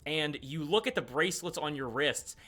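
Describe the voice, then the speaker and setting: A man narrating as game master in a tabletop game, halting with many fillers. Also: a little high, expressive, sharp tone.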